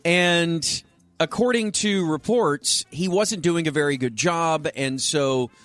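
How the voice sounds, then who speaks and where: A man co-hosting a radio show, chatting casually and telling a long story to his co-hosts in an animated way. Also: fairly high pitch, slow, no echo, faint music behind. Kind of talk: casual sports-radio banter.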